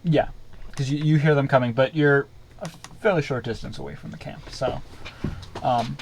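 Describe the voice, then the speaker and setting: A man narrates a tabletop game as its game master. He stops often to search for words with ums and uhs. His pitch sits in the middle, and a faint noise runs under the recording. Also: fairly even intonation, normal speed, creaky. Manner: hesitant, many ums and uhs.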